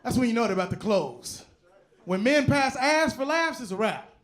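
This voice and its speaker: A man's voice: very high voice, sing-song, normal speed, fairly bright tone. A man performing a brash stand-up routine on a comedy club stage.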